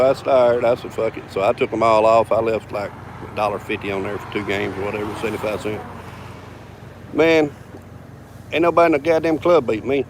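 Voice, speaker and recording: A man's voice: fairly low pitch, a little fast, noisy background. A man telling a bar story casually, drawling, swearing freely and chuckling between lines.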